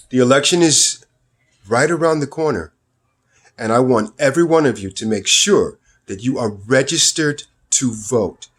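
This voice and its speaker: A man delivering political commentary in a vlog, emphatic and sarcastic, his pitch and loudness swinging widely.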